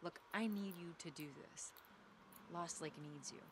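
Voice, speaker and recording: An actor playing an earnest camp leader asking for help in a video game cutscene. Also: male voice, fairly high pitch, unhurried, noisy background, natural voice.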